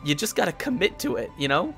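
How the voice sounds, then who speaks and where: A man's voice: high-pitched, big pitch swings, quick pace, vocal fry, fairly bright tone, soft background music. A man hosting a live tabletop chat stream as the dungeon master, talking in rambling bursts with many restarts.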